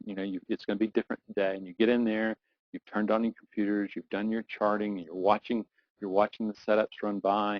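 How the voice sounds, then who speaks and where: Middle-aged male coach, guided visualization, low pitch, slow soothing repetition, muffled dry recording. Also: dry recording. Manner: slow soothing guidance that builds to urgent intensity, repeating phrases. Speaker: performance coach.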